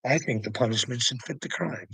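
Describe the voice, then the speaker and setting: A man's voice: medium pitch, lively intonation, normal speed, vocal fry, fairly bright tone, slightly rough, dry recording, rough recording. A man rambling through a solo monologue, mocking and profane, breaking into laughter between nearly every phrase. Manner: profane and taunting. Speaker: vlogger.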